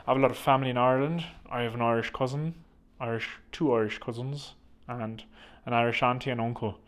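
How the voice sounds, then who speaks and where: A man's voice: mid-range voice, steady tone, quick pace, hardly any pauses. A man hosting a comedic self-help monologue, rambling and joking crudely at his own expense. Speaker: host.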